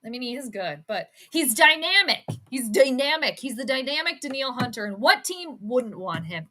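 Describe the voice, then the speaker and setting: With a high voice that swings widely in pitch, she speaks at a moderate pace and hardly pauses, sounding bright and forceful. She's hosting a relaxed livestream on sports and astrology, giggling and reacting to viewers' comments with lots of fillers.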